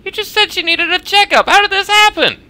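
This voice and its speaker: A man putting on a shrill frantic young mother. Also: very animated, measured pace, bright, forceful tone, heavily acted. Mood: distraught. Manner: shrill, pleading falsetto.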